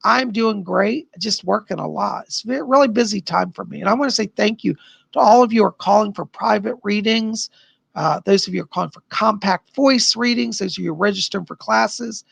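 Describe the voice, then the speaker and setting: A man's voice: sits high, fairly quick, gravelly, fairly bright tone, slightly rough, no room sound. A man hosting a live stream as a psychic, chatting casually with viewers in a bubbly, gushing way and laughing often.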